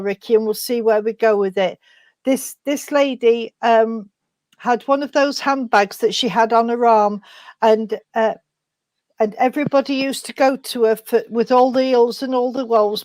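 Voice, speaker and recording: A woman medium giving messages from spirit at a service, speaking haltingly with many pauses and fillers. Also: fairly high pitch, darkish tone, no echo. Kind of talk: spiritualist demonstration.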